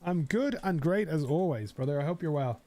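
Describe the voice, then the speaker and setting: A man's voice: fairly high pitch, lively intonation, a little fast, dark tone, no room sound. Rambling, chatty male game streamer. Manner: rambling, swears casually, chatty with viewers. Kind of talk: live-stream casual chat.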